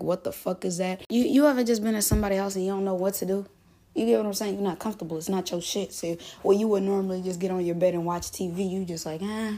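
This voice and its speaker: Gravelly-voiced young woman telling stories. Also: mid-range voice, dark tone. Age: 20s. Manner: loose, profane, laughs often. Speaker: podcast host. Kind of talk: casual storytelling monologue.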